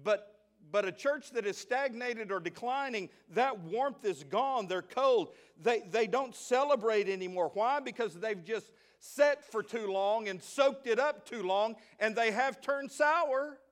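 Preaching with a high voice, a Southern-accented American pastor gives a lively sermon. Quiet asides and jokes come first, and then he climbs to shouts of praise.

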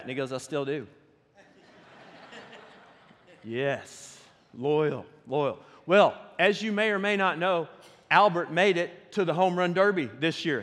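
A man preaching a sermon as pastor, telling a story with animated energy that rises and falls. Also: on the high side. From United States. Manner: animated storytelling, rising loud for excitement. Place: church sanctuary. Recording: reverberant church hall.

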